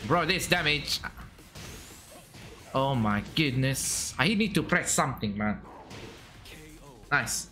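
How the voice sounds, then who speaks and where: Man, streamer, excitable gameplay commentary, bright voice, lively swinging pitch. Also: slow, pauses often, soft background music. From Saudi Arabia. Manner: excitable, chatty, bursts into shouts and laughs at the game.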